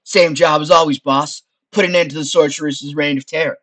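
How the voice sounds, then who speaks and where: A man's voice: on the high side, steady tone, a little fast, a bit bright, voice pushed up. A man playing Frank, a wisecracking floating skull. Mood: brash. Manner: brash, chummy, calls the listener boss.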